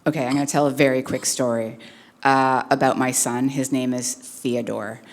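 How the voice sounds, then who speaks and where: A woman's voice: very deep voice, steady tone, normal speed. A woman speaker telling a personal story on stage in an earnest, conversational way with many fillers. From Canada. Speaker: keynote speaker.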